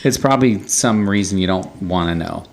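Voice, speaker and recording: A man's voice: deep voice, moderate pace, vocal fry. A man co-hosting a podcast, chatting casually, joking and asking questions. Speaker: podcast co-host. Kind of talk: casual chat.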